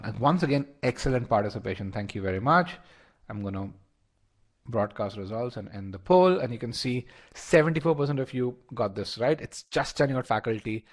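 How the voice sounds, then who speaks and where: A man leading a live online test-prep lesson, talking straight to his students with frequent repeated words and restarts. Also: fairly low pitch. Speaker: instructor.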